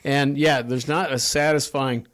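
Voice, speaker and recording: A man telling a story from his work as a pilot in a casual interview, animated and acting out what others said. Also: medium pitch, measured pace. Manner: animated, acts out quotes of others.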